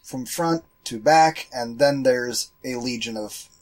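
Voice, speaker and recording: A man co-hosting a casual movie commentary podcast, rambling and swearing as he tells animated stories. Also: mid-range voice, takes it slowly. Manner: profane, rambling, animated storytelling. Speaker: podcast co-host.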